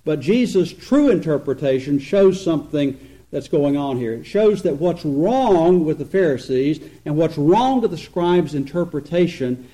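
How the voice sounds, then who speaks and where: A man preaching an expository sermon, earnest and emphatic, slowing down to stress points and swinging between loud and quiet. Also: on the high side, expressive, rough recording. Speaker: pastor.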